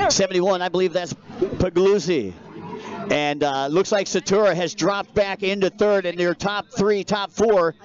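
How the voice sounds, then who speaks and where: An energetic, jokey male announcer calls a live race and pumps up the crowd. His voice sits very high for a man, and the stream audio comes through dull and lo-fi.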